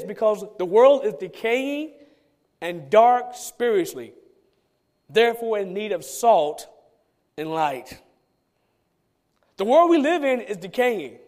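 A man's voice: very high-pitched, a little mellow. A man, a pastor, preaching a sermon with emphatic repetition and rhetorical questions.

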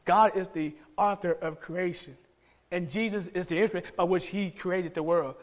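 A man's voice: high-pitched, steady tone, normal speed. A man with a Georgia Southern accent preaching a sermon as pastor, emphatic and repeating key phrases for stress.

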